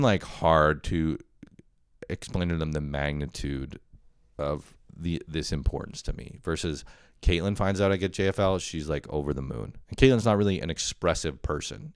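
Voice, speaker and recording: Young man, podcast host, deep voice, casual swearing monologue, dry close sound. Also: clear, resonant tone, dry recording. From Canada. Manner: rambling, profane, self-deprecating, with frequent laughs.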